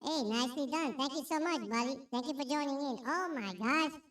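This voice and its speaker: Squeaky chipmunk voice. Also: male voice, fairly quick, fairly bright tone. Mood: playful. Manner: playful, silly. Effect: pitch-raising voice changer. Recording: distant and roomy.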